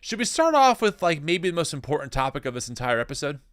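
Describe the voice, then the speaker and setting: Male podcast co-host, joking, bright tone, close dry mic. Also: a little high, very animated, fast, no echo. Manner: joking, laughs often. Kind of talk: casual chat.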